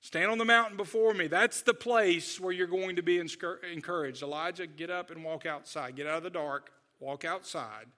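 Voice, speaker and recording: A man voicing God as a calm, kind figure, gently urging someone to step outside. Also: fairly high pitch, normal speed, hardly any pauses. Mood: gentle.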